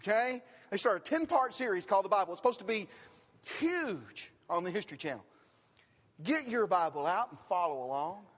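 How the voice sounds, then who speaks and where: Guy preaching in a big echoey church, high voice, keeps asking the room questions. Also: sing-song, brisk, fairly bright tone. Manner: teaching with questions and emphatic repetition. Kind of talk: sermon. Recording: long reverb of a hall.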